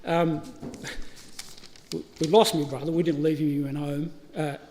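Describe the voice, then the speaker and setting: A little high and mellow, his voice has a flat delivery and a moderate pace. The middle-aged Australian man is giving a storytelling eulogy at a funeral, chatty, with laughs and restarts. There's hall reverb on the live stream, plus a little hiss or hum.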